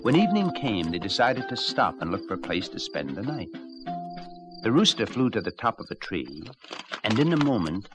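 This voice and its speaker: A man narrating a storybook tale in an expressive, animated reading style. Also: fairly low pitch.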